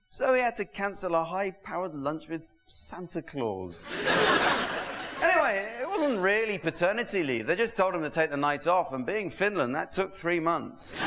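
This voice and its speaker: A man doing a dry, sardonic stand-up comedy monologue to an audience. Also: high voice. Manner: dry, sardonic, deadpan delivery. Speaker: stand-up comedian and show host. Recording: hissy VHS tape rip. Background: audience laughter.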